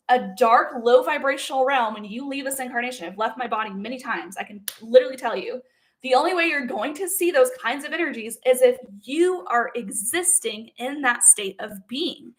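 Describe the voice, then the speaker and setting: A young woman who makes spiritual content speaks straight to camera in a casual, blunt, profane monologue, stressing her points and often checking in with "okay?" Her voice is high and her pace moderate.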